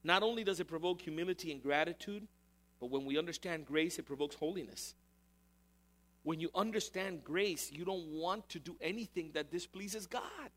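Guy preaching a sermon, high voice, keeps repeating lines and asking the crowd questions. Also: normal speed, a bit bright. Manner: repetitive, emphatic preaching with rhetorical questions. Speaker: pastor.

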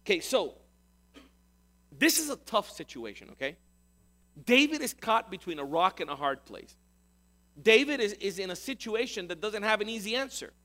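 A man's voice: high-pitched, sing-song, moderate pace, long pauses, pushed and bright. A male pastor giving a sermon, retelling a scripture story in an emphatic storytelling way.

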